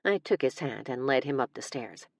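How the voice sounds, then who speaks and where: A woman's voice: extremely low pitch, expressive, moderate pace, vocal fry, dry recording. A woman reading a first-person audiobook in a wry, comic manner, close to a studio mic. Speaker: audiobook narrator.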